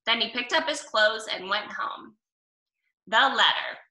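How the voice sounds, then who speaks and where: Woman reading a kids' storybook, bright, slightly high, roomy room. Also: animated, a little slow. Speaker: storybook reader. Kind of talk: reading a children's book aloud. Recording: roomy, mic at a distance.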